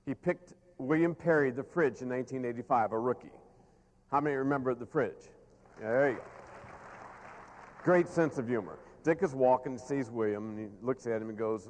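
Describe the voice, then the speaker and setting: A man's voice: medium pitch, moderate pace, big-room sound. A middle-aged man giving a humorous keynote speech, telling stories to a live audience and acting out the people in them. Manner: animated storyteller who acts out the people in his stories. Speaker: keynote speaker. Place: stage before a live audience.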